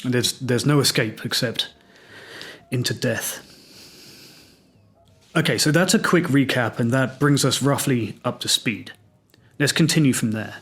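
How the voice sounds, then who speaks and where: A man's voice: medium pitch, unhurried, long pauses, a bit bright, husky. A man from England with an English accent, hosting a solo podcast and telling his own story in a reflective, wry, self-deprecating way. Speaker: podcast host.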